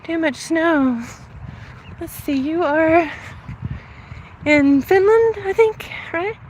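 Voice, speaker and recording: High-voiced woman livestreaming on a walk. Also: lively intonation, slow, slight background noise. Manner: chatty, laughs often, thanks viewers by name. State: a little out of breath from walking. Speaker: livestreamer reading chat. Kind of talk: casual live stream chat. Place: outdoors, walking.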